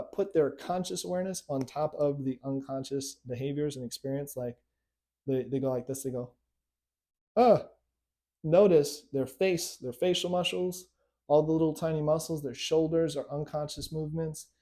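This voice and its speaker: A fairly high-pitched, mellow male voice leads a conversational lesson to camera. He works as a hypnotist and coach and keeps checking in with "right?" and "okay?".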